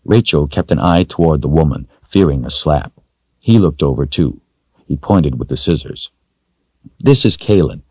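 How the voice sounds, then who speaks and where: Deep husky male audiobook narrator. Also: dry recording. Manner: steady measured storytelling. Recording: dull dry lo-fi recording.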